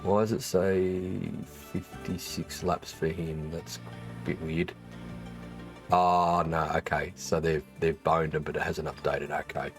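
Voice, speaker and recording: Australian man, very low voice, casual stream chat, swears a lot, rambling, faint music behind. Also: level tone, takes it slowly. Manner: rambling, swears freely, many fillers and restarts. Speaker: streamer and former race engineer.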